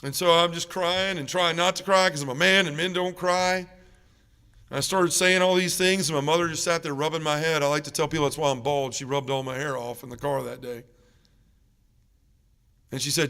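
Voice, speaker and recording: A man with a higher-pitched, smooth voice speaks briskly with fairly even intonation, giving an emotional personal testimony at a parish mission. He tells his story with feeling, growing loud when reliving arguments. The church is echoey, with long reverb.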